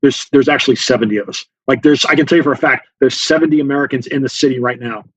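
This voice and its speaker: A man's voice: mid-range voice, fast, slightly rough, no room sound, low-quality recording. A man being interviewed, telling a story with lots of fillers and acting out the dialogue. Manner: animated storyteller, acts out dialogue, many fillers. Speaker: guest author, former Special Forces officer.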